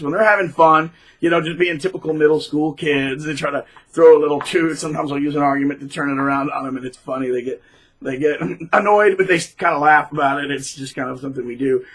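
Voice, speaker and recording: A man talking casually to camera in a rambling, animated way, with frequent restarts. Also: a little high, low-quality recording. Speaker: middle school teacher, vlogger.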